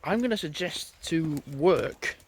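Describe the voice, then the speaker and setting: A husky-voiced man on the high side sounds animated but speaks a little slowly. He's a vlogger walking his dogs outdoors on a country road, chatting in a rambling way and thinking aloud.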